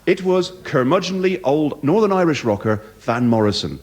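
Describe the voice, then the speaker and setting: A British man performing live comedy, telling a story in an animated, mock-dramatic way. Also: medium pitch, fairly quick, hardly any pauses, breathy edge. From Britain.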